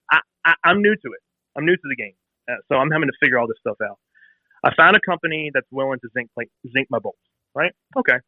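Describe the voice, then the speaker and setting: A man in his thirties telling a long, animated story about a bike build in a casual interview, acting out phone calls in quoted voices. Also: fairly high pitch, no room sound. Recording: tinny phone-like sound.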